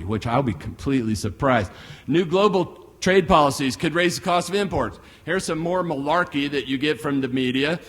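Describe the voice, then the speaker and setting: A middle-aged American man giving a blunt, folksy economic forecast speech full of rhetorical questions, recorded live in a large hall. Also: mid-range voice. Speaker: guest speaker, economist. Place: large hall with long reverb.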